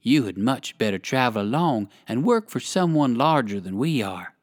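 A storyteller voicing a group of tiny, polite red ants in a children's story, who speak in a helpful way with a raised pitch. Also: animated, normal speed, no room sound, clean studio sound, close to an everyday voice. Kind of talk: storybook character voice.

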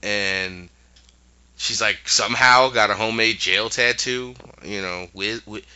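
Man, podcast co-host, punchy bright tone, acts out quotes, slightly dull sound. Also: on the low side, measured pace, smooth. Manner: animated retelling with acted-out quotes. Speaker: podcast co-host recapping a show. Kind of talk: casual chat.

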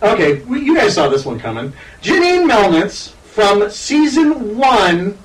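A man co-hosting a casual podcast, talking in an animated, rambling way and laughing often. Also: high-pitched, a little slow, roomy sound, far from the mic, low-quality recording. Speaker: podcast co-host.

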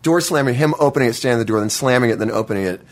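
A man telling a childhood story in a casual chat, halting and restarting often and swearing freely. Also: medium pitch. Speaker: guest.

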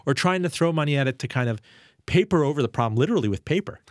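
A man's voice: on the high side, lively intonation, very fast, no echo, clean studio sound. A man hosting a finance interview, asking probing, rhetorical questions and laying out events with dates and figures. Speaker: interview host.

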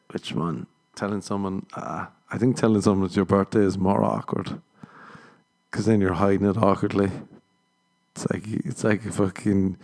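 Low gravelly man chatting. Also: darkish tone. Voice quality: low, gravelly, laughs often. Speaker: podcast host. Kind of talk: casual chat.

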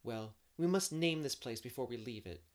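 A man's voice: medium pitch, animated, moderate pace, natural voice. A man reading aloud and voicing Anne, an imaginative, eager young girl who talks in a rush of romantic fancy.

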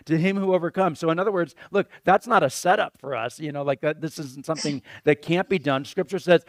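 Man, talk-show host, slightly high voice, rambling and excitable, dry close sound. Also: a little fast, hardly any pauses, dry recording. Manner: rambling, repeats words, exclaims "crazy". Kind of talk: casual conversational preaching.

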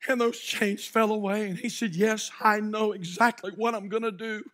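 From the pulpit, a pastor delivers a sermon, telling a story dramatically with sudden whispered drops and loud, shouted peaks before leading the congregation in prayer. His voice sits high with a steady tone, and he speaks at normal speed.

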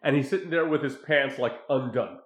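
A man casually recapping a film scene by scene, crude and animated, mimicking the characters' lines as he goes. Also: mid-range voice, fairly quick, reverberant. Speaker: podcast co-host recapping a film. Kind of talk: casual chat.

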